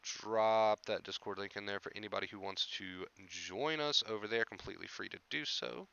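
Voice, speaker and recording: Bright, clear-voiced man hosting a live stream. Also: fairly low pitch, normal speed, no room sound, muffled recording. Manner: repetitive, reassuring, greets viewers by name. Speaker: anxiety recovery coach and live-stream host. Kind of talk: casual live-stream talk.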